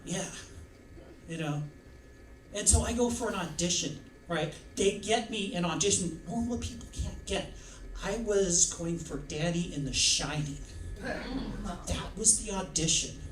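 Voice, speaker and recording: A man's voice: high-pitched, a little hiss or hum. A man doing rambling, self-deprecating stand-up comedy in a comedy club. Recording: echoey club, mic from far off.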